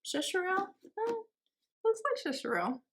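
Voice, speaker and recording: A woman's voice: medium pitch, lively intonation, unhurried, gravelly, fairly bright tone. A woman chatting casually through a perfume haul, full of fillers, giggles and teasing herself about pronunciations. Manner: unsure pronunciations, self-teasing. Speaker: beauty vlogger.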